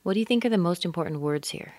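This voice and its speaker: Lady coach, deep-ish voice, slow, drills sounds over and over, dry close mic. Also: darkish tone, no room sound. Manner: demonstrates sounds slowly, repeating words. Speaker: accent coach. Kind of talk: pronunciation lesson.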